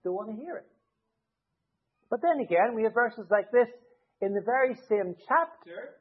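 A man's voice: high-pitched, lively intonation, moderate pace, breathy edge. A man preaching a conversational sermon from the pulpit, explaining his points with everyday hypothetical scenarios. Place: church. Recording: tinny narrow-band sound.

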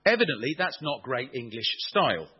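A man preaching a sermon, animated and playful, asking the congregation questions as he explains. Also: medium pitch, fairly quick, breathy edge, lo-fi sound.

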